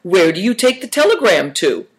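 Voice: mid-range voice, big pitch swings, moderate pace, a bit bright, voice pushed up. Bold curious boy adventurer, assured questions, voiced by the narrator.

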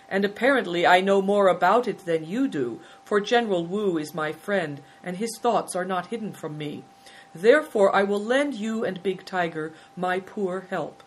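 A woman voicing a kindly, wise old male abbot who speaks calmly and benignly. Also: lowish voice, slightly rough, rough recording. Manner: calm, benign, unhurried.

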